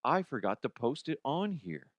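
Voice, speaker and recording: A man's voice: medium pitch, very animated, moderate pace, no room sound. A man hosting a comedy podcast, ranting about odd news in an exaggerated way, laughing at his own jokes, close to the mic. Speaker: podcast host.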